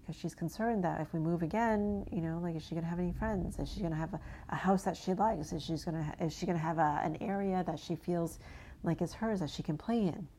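A woman from New England gently guiding an inner child visualization, speaking softly and slowly and often dropping to a hushed near-whisper. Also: lowish voice, slight background noise. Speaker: inner child and energy work guide.

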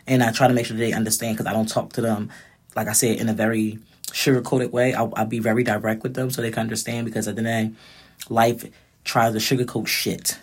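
A woman's voice: rumbling low, level tone, a little fast, slightly rough. A woman in her thirties giving a blunt, profane, direct casual monologue as a vlogger.

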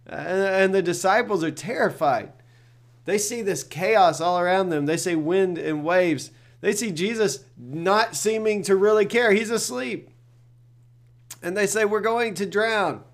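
A man's voice: sits high, measured pace. A middle-aged male pastor giving a devotional talk in an earnest, conversational way, often repeating words as he thinks.

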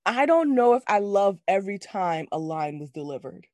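A woman co-hosting a casual movie review chat, animated and slangy, laughing often. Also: medium pitch, normal speed, dry recording, clean studio sound. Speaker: podcast co-host.

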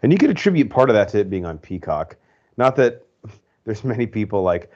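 A man's voice: lowish voice, very animated, a little fast, a little mellow. A man co-hosting a podcast, giving rambling, opinionated movie reviews in casual chat full of fillers. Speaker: podcast co-host. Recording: dull lo-fi podcast audio.

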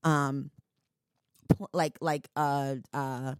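A woman hosting a podcast, talking in a casual chat with a blunt, profane, animated way of ranting. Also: very deep voice, extremely slow, smooth, dry recording. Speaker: podcast host.

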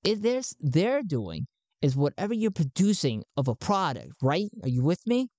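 Guy playing a pushy rebel recruiter, swoops up high, calls everyone bud. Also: big pitch swings, moderate pace, a little mellow, no room sound. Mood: persuasive. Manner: folksy, conspiratorial, calls people bud. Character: zealous male anti-government recruiter.

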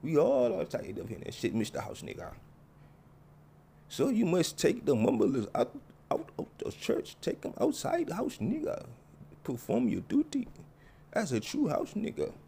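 A man's voice: on the high side, huge pitch swings, normal speed, gravelly, dark tone, slight background noise, full character voice. A man voicing an overly polite, stiffly formal man who keeps apologizing. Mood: prim politeness. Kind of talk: comedy skit voices.

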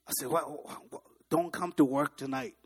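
Pastor, man from Africa, middle-aged; lively sermon storyteller with a raised voice. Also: on the high side, moderate pace, slightly rough. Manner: animated, dramatic, asks the congregation questions.

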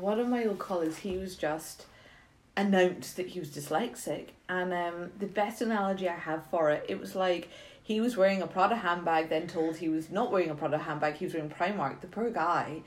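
A middle-aged woman from Britain, a mentor chatting casually and telling self-mocking stories in a lively way. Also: lowish voice, fairly quick, slight background noise. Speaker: guest mentor. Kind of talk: casual chat.

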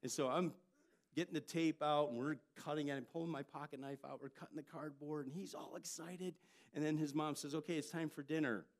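An older man, a pastor, preaching a sermon and telling family stories with lively jumps in loudness. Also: on the high side, fairly quick. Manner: storytelling, animated delivery with jumps in loudness.

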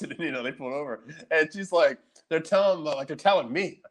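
A man co-hosting a podcast, telling stories in casual chat, animated and laughing often, with frequent swearing. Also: a little high, normal speed, few pauses. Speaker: podcast co-host.

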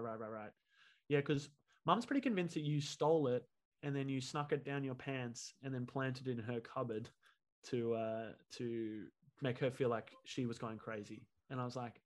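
A man, a comedian guest on a podcast, telling an animated story and acting out the voices of the people in it. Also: medium pitch, fairly quick. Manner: animated, acts out quoted voices.

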